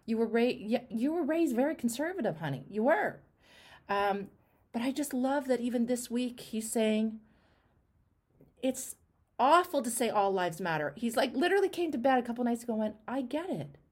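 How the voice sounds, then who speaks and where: A woman's voice: a little high, animated, moderate pace, breathy edge. Impassioned woman interviewer, emphatic and repetitive. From Canada. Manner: impassioned, repetitive, swings from loud to hushed. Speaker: host. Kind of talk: emotional interview conversation.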